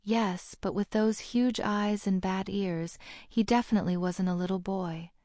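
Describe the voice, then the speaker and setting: A woman narrating a fan fiction audiobook in a steady, measured reading. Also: mid-range voice, no room sound, studio quality.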